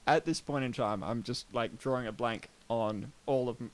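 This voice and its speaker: A young man in casual podcast chat, with a mid-pitched everyday voice. He talks loosely and hesitantly, full of fillers and wry asides. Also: normal speed. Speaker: podcast co-host.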